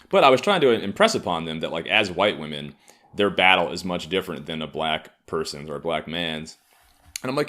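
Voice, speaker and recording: A man in his thirties from Harlem riffs through a solo comedy podcast monologue. His voice sits low but swings widely in pitch, with sardonic, profane asides. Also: very animated, a little fast, a bit bright. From Harlem, New York. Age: 30s. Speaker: podcast host.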